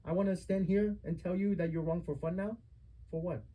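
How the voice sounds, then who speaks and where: A man's voice: sits high, steady tone, fairly quick, muffled recording. A young man in a heated family argument, confronting his mother with accusing, repetitive rhetorical questions.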